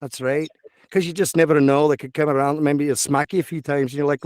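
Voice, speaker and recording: A man with a fairly high voice talks shop as a voice actor guest. He rambles and jumps between thoughts, with plenty of fillers. The sound is dry and close. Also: a little fast, no echo. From Texas. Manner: rambling, animated, full of fillers. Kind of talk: casual interview chat.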